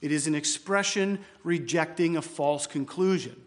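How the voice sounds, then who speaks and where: Emphatic preacher, slightly high voice. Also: male voice. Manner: emphatic, slows down to repeat key phrases. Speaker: pastor. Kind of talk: expository sermon. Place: church.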